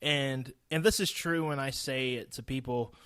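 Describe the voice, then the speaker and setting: A young man from New Zealand with his accent, chatting bluntly through a solo podcast, laughing easily and swearing without a second thought. His voice sits at an ordinary middle pitch. The sound is close and dry, with no room around it. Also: normal speed, fairly bright tone, clear, resonant tone, no echo. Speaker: podcast host. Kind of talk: casual solo podcast monologue.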